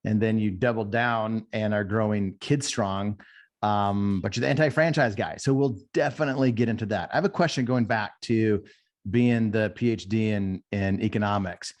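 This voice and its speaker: A man hosting a podcast who asks his guest questions quickly and in a friendly way. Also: fairly low pitch, steady tone. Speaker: podcast host. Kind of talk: interview questions.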